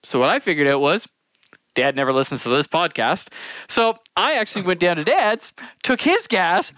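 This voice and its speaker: Podcast co-host, man, lively rambling storyteller, laughs a lot, dry close mic. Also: high-pitched, normal speed, dry recording. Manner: rambling, laughs through his stories. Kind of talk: casual storytelling chat.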